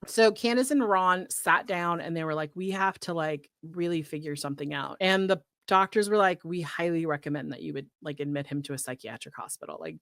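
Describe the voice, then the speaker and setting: Woman gabbing on a podcast, says like a lot, lowish voice, dead dry mic. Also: fairly bright tone, dry recording. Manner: chatty, heavy use of "like", laughs often. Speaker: podcast co-host recapping a show. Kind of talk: casual chat.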